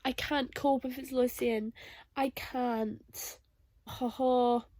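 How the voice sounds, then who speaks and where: A woman's voice: high-pitched, little pitch movement, slow, a little mellow, no echo. A young woman vlogging emotional reactions aloud as she reads a novel. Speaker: booktuber reading a novel. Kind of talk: casual reading vlog reactions.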